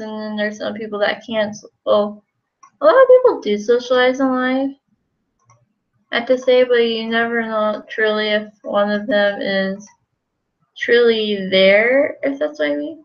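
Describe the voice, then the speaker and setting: A woman's voice: fairly high pitch, lively intonation, a little slow, highs cut off. A woman live-streaming a game, rambling casually to her chat as she plays. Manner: rambling, talks to chat while playing.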